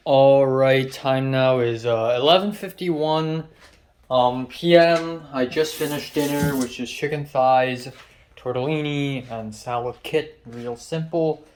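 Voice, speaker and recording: A young man talks to the camera about his day in a loose diary-style vlog. He rambles in an off-hand way, full of ums and stray asides. His voice sits at an ordinary middle pitch. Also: slight background noise. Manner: rambling, filler-heavy, off-hand. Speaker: vlogger. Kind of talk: casual diary-style chat.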